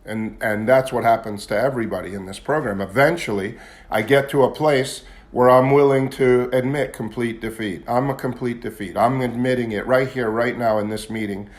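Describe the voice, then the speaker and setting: A man's voice: mid-range voice, moderate pace. A man giving a candid, confessional talk at a recovery meeting, at times building into agitated intensity. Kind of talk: personal testimony talk.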